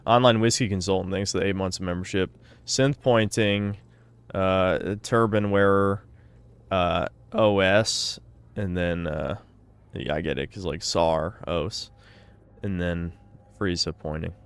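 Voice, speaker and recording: Male streamer, low smooth voice, sardonic and foul-mouthed, live donation reading. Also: steady tone, measured pace. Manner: sardonic and profane.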